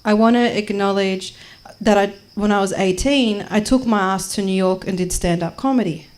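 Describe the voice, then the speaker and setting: At medium pitch and moderate pace, a twentysomething Australian woman performs brash, jokey stand-up comedy and spoken word in a small venue, acting out the people she quotes.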